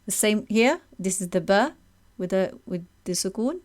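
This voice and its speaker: A woman teaching a recitation lesson, explaining slowly and patiently and demonstrating the sounds herself. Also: medium pitch, lively intonation, a little mellow. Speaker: tajweed teacher. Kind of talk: online lesson with recitation examples.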